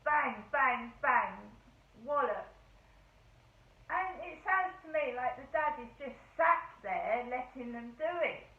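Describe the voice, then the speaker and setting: A woman's voice: sits high, expressive, measured pace, far from the mic. A woman rambling through an indignant casual monologue as a vlogger. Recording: tinny phone-like, roomy echo.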